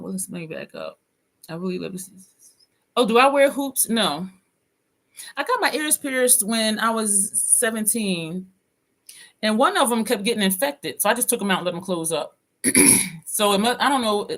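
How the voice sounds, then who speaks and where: A woman's voice: medium pitch, a bit bright. A woman vlogger chatting casually, reading comments and laughing often. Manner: chatty, laughs often, drops into quoted voices. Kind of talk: casual chat with live comments.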